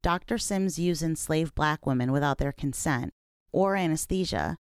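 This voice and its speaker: A woman with a low, steady voice carries a scripted documentary narration. She speaks in a measured, serious way, and the recording is close and dry with no room sound. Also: smooth, no room sound. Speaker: podcast host.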